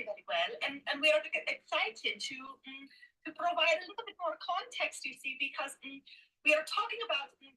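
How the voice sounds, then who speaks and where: A woman channeling a female Pleiadian light being who teaches gently, humming "mm" and saying "you see" as she searches for words. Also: sits high, recorded from a distance, poor audio. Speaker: trance channel.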